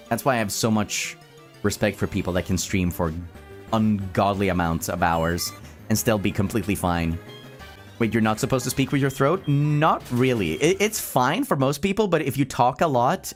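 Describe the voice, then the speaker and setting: A man streaming from home, casually chatting, reading chat aloud and laughing often. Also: medium pitch. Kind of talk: casual chat while gaming.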